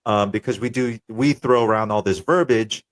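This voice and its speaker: A young man with a fairly low voice hosts a casual podcast. He talks in a relaxed, profane way and stops to explain jargon for listeners. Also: normal speed. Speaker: podcast host.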